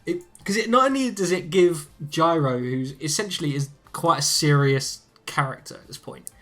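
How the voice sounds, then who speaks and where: A man talking casually on a podcast, his voice bright and a little high. He laughs easily and swears offhandedly while he chats about a story he loves. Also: moderate pace, faint music behind. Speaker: podcast co-host.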